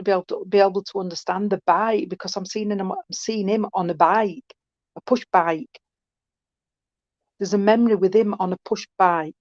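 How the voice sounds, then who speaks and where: A woman's voice: medium pitch, a little mellow, dry recording. A woman giving an online mediumship reading, chatty and affectionate, calling people sweetheart. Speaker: spiritualist medium. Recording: dull, dry call audio.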